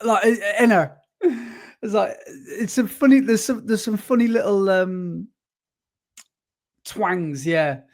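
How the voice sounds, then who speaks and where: A man's voice: high-pitched, takes it slowly. A man co-hosting a podcast in casual chat, rambling and stop-start, often correcting himself mid-sentence. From West Midlands, England. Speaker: podcast co-host.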